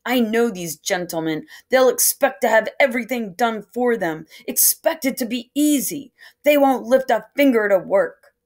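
An indignant male ship captain shouts his grievances in a raised, strained voice, as a woman reading the book puts him on. He blusters and spits out his words. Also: on the high side, lively intonation, moderate pace, voice pushed up, close to an everyday voice. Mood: outraged.

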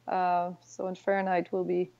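A woman's voice: fairly low pitch, monotone, normal speed, creaky, dark tone. A woman with a French Canadian accent whose first language is French, a guest in a casual interview who sometimes searches for her English words. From Quebec City, Canada. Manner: friendly, hesitant, searching for words. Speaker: guest, online seller. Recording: dull lo-fi audio.

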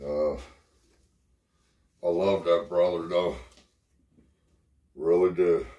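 Man, middle-aged, very deep voice, profane rambling storyteller, short of breath. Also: flat delivery, very slow, warm tone. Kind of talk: casual spoken memories.

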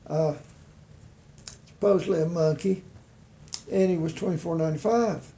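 A man's voice: a little high, moderate pace, creaky, warm tone, slight background noise. A man talking casually to camera as a beginner ventriloquist, rambling and self-deprecating with lots of fillers. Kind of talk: casual home vlog.

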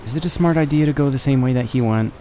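A man's voice: medium pitch, fast, warm tone, a little hiss or hum. A young man casually commenting on a horror game as he plays, swearing and talking to himself. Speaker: let's play gamer.

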